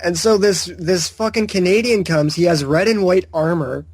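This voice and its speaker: Laid-back co-host, a man with a slightly high voice, dry close sound, casual storytelling. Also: moderate pace, a little mellow, husky, no room sound. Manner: laid-back, laughs while telling stories. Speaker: podcast co-host. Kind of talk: casual podcast chat and anecdote.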